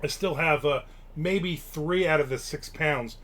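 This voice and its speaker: A man from Newark, New Jersey, hosts a live stream, his voice a little high and fairly bright as he tells rambling, casual stories at an unhurried pace. He swears offhandedly as he goes.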